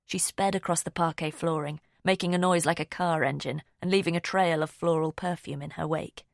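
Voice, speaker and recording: Woman narrating an audiobook, low and gravelly, dry close sound. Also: no room sound. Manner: steady, measured storytelling. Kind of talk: scripted narration.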